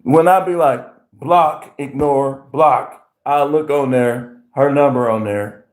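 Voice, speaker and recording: Animated, profane man ranting on a livestream. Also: medium pitch, unhurried. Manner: animated, profane storytelling with voiced impressions. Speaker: livestream host. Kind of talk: casual livestream rant. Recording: roomy echo.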